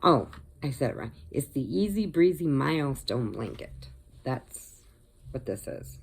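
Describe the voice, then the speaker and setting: A woman's voice: rumbling low, very animated, unhurried, creaky, breathy edge. An older woman from Illinois, chatting casually and rambling on her crochet vlog, laughing often. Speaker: crochet vlogger. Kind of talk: casual chat.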